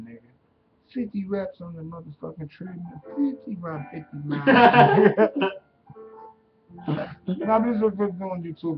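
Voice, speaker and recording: A man with a fairly high voice delivers a profane, rambling comic rant straight to his webcam. He drifts from bit to bit and laughs at his own jokes. The audio is dull and lo-fi, with music playing clearly behind him. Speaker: webcam vlogger.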